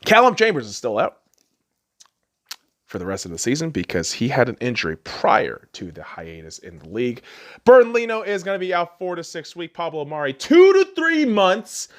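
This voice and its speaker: A young man hosting a podcast, delivering a profane sports rant that swings between shouting and low muttering. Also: huge pitch swings, moderate pace. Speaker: podcast host.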